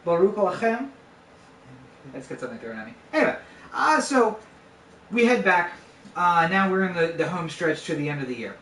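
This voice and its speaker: A man's voice: sits high, big pitch swings, brisk, bright, forceful tone, a little hiss or hum. A man in his twenties casually telling a true story, full of fillers and swearing. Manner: conversational, swears freely, lots of fillers. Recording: echoey room, voice a bit far from mic.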